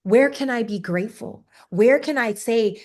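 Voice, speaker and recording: A woman's voice: fairly high pitch, moderate pace. A woman from Canada, a podcast guest, talking candidly and emotionally about a hard stretch of her life. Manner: candid, emotional storytelling with lively swings. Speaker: podcast guest, speaker and entrepreneur. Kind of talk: casual interview talk.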